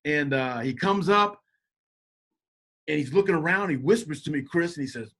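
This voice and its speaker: A middle-aged man telling a story as a podcast guest, animated and jokey, acting out quotes in shifting voices. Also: a little high, moderate pace. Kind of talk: casual storytelling.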